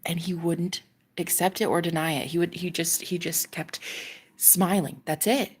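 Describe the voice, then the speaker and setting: A woman vlogger casually telling a personal story to her viewers, animated and swearing, often dropping into a whisper. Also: fairly low pitch, normal speed, breathy edge.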